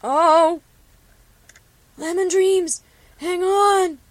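A woman's voice: high-pitched, animated, normal speed, no room sound, voice pushed up. A woman doing a protective, scolding pony mare. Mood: alarmed. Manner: urgent, scolding.

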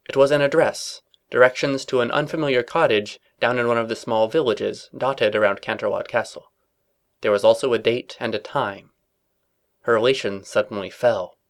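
A man reading comedic fan fiction aloud as narrator, with dry, mock-serious storytelling. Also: mid-range voice.

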